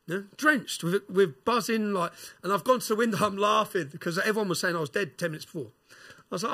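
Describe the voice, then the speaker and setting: Fast, bright-voiced man. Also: high voice. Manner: animated, swearing, London slang. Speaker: podcast guest. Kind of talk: casual storytelling.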